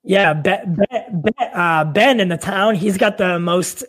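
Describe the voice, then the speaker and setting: High-voiced man, halting speech. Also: fairly bright tone. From Boston area, Massachusetts. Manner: halting, hesitant, many fillers. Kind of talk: casual chat.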